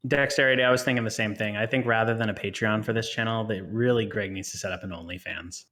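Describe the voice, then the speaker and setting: A man's voice: lowish voice, steady tone, fast talker, sharp tone. A man co-hosting a live stream and commentating a competitive video game match, joking and laughing often between play-by-play.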